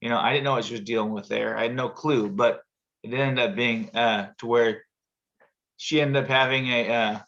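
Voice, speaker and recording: A show host with a bright, forceful voice spins a long, rambling story in casual chat, his tone steady and pace moderate. He acts out the people in it with sudden high jumps in pitch, and the audio sounds slightly dull and muffled, like a video call.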